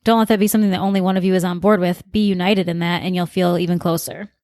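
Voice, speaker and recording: A woman's voice: fairly low pitch, steady tone, fast, darkish tone, dry recording, studio quality. A woman co-hosting a relationship podcast, speaking in a caring, conversational way. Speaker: podcast co-host. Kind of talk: casual advice talk.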